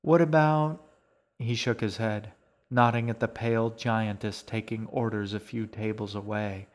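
A man narrating his own novel in a podcast, reading in a measured, unhurried way. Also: on the low side, completely flat delivery. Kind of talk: scripted narration.

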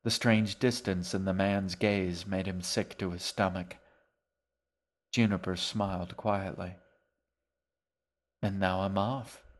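A man reading his own novel aloud as a podcast, in measured, even storytelling narration. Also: deep voice.

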